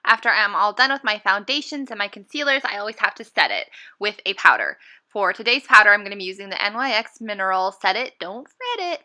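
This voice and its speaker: A woman's voice: mid-range voice, fast, pushed and bright. A woman beauty vlogger giving a casual, upbeat makeup tutorial, chatty and full of fillers.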